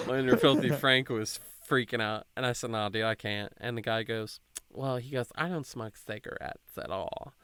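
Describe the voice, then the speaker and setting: A man's voice: medium pitch, normal speed, fairly bright tone. A young man hosting a podcast, telling a rambling, swear-filled story in casual chat and quoting people along the way. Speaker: podcast host.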